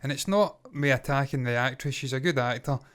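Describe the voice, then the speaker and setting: A man's voice: medium pitch, fairly quick, a bit bright, smooth. Blunt chatty man. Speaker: co-host. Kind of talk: casual reaction chat.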